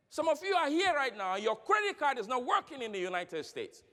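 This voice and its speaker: Animated man speaking in a reverberant hall. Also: very high-pitched, a little fast. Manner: animated, storytelling with acted dialogue; engages audience with questions. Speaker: keynote speaker. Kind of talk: motivational conference speech. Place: large conference hall. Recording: long reverb of a large hall.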